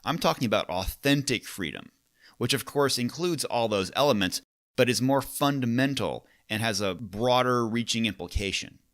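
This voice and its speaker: A man's voice: medium pitch, animated, normal speed, a bit bright, no echo, studio quality. A man hosting a solo podcast as a coach, talking in a casual, wry, conversational way.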